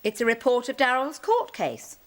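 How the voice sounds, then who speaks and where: A catty, arch neighbour. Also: female voice, a little high, wildly swooping pitch, normal speed, slight background noise. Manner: arch, sarcastic.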